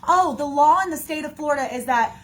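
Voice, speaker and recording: A woman's voice: high-pitched, a little fast. A woman in her thirties speaking emotionally in a casual livestream, often calling her viewers y'all.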